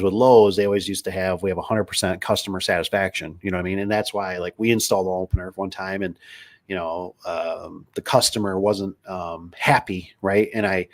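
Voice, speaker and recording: A man hosting a casual livestream, rambling through stories with lots of fillers and restarts while reading viewer comments. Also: deep voice. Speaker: livestream host, garage door business owner.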